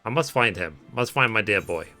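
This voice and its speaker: Man doing an earnest, fussy scholar, formal and flustered, low bright voice. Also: animated, a little fast, soft background music. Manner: formal, old-fashioned wording read aloud.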